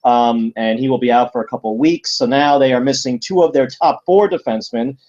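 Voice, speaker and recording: A man's voice: mid-range voice, brisk, darkish tone, highs cut off. A man co-hosting a casual sports podcast, talking at length with many fillers and frequent laughs. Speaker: podcast co-host.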